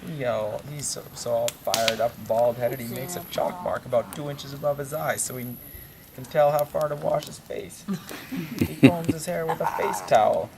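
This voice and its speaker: A man's voice: medium pitch, moderate pace, vocal fry, crowd noise. Man with a drawl. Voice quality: drawling hick dialect, chuckles at his own punchlines. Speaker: campfire storyteller. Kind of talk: folksy comic monologue. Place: outdoors at a campfire.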